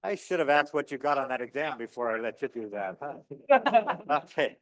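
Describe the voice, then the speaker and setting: A middle-aged man teaching a university physics lecture, explaining with stories and demos in an animated storytelling way. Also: moderate pace, no echo. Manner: animated storyteller, acts out dialogue with rising pitch. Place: lecture hall.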